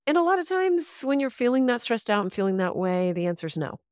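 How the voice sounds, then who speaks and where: A woman talking casually as a podcast guest, animated and candid, laughing often and swearing now and then. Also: fairly high pitch, fast, clear, resonant tone, dry recording, studio quality.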